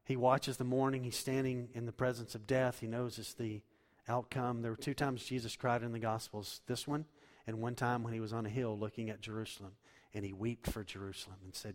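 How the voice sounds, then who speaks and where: A man's voice: mid-range voice, fairly even intonation, fairly quick. Impassioned male preacher in a reverberant hall. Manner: impassioned preaching, swinging from loud emphasis to hushed tones. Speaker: pastor. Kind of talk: sermon.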